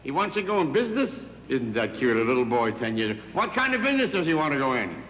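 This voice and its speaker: An older comedian doing a stand-up telephone monologue with dry wisecracks and one-sided phone chatter on a large theater stage. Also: male voice, medium pitch, sing-song, fast talker, a bit bright. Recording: echoey theater, dull 1960s TV sound with hiss.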